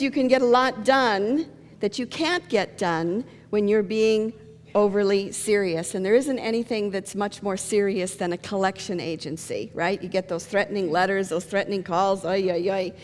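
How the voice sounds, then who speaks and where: A woman pastor giving a sermon, telling funny stories and jokes in a lively storytelling manner. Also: medium pitch, a little hiss or hum. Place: church sanctuary. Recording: long reverb of a church hall.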